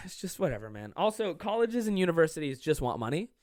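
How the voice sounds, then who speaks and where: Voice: mid-range voice, sing-song, fairly quick, darkish tone, dry recording, clean studio sound. A young adult podcast host giving casual, sarcastic, profanity-laced advice to listener questions from a home desk.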